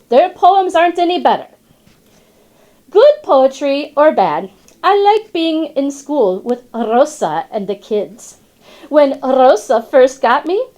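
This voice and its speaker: The narrator, a woman, gives the classroom's chatty female parrot a high voice with a darkish tone. In this storybook reading, the wry bird speaks in rhymes, sly asides, and bits of Spanish.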